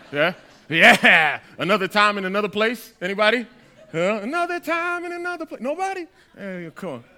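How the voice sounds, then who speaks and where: Preacher, male, high bright voice, chatty and teasing, sermon in a church. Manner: conversational and playful with the congregation. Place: church hall.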